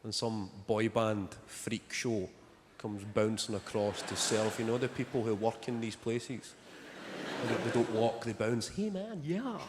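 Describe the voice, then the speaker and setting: A young Scottish man doing a stand-up set, telling stories in a dry, deadpan way and swearing casually. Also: on the low side, measured pace. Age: young adult. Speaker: stand-up comedian. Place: large theatre stage. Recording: live hall reverb, loud audience noise.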